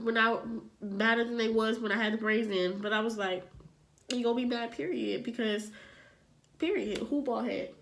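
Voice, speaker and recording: A young adult woman vlogger telling a personal story in casual chat, animated and filling her talk with "like". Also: fairly high pitch, slight background noise. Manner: chatty, animated, fills with "like".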